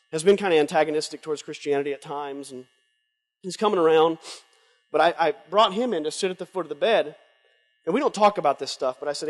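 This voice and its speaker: A middle-aged man giving a heartfelt personal testimony as a conference speaker, halting, with many restarts and a breaking voice. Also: a little high. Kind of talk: emotional personal testimony sermon. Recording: long hall reverb.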